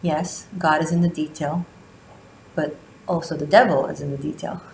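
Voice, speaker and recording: Low-voiced woman giving a slow spiritual reading. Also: fairly even intonation, creaky, reverberant, a little hiss or hum, rough recording. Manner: slow, deliberate delivery with drawn-out pauses. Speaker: tarot reader. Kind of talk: spiritual monthly reading, teaching.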